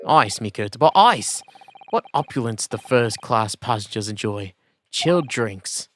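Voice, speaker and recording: A man voicing a theatrical, eccentric gentleman detective who speaks in grand, flowery phrases. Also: expressive, unhurried, slight background noise, lightly acted. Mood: delighted. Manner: grandiose, flowery, swooping up high.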